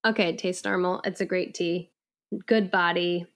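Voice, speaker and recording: A woman in her thirties co-hosting a podcast in casual chat, upbeat and quick to laugh. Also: fairly low pitch, steady tone. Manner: upbeat, giggly. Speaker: podcast co-host.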